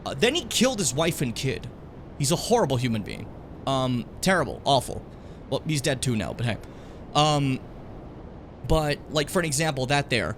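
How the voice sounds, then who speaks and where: Lively young man streaming a game. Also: mid-range voice, normal speed, a little hiss or hum. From Edmonton, Canada. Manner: rambling, joking, swears a lot. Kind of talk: casual gameplay commentary.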